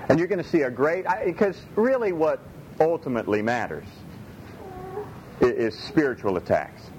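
Folksy pastor: man with a high, lively voice, repeats himself, faint low rumble. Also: moderate pace, muffled recording. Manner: folksy, animated, repeats phrases. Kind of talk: sermon.

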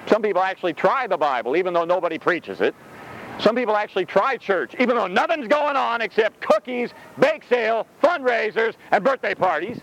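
A man preaching a sermon outdoors in a rhetorical, animated way, laughing between his points. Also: high voice, fairly quick, vocal fry, highs cut off, slight background noise.

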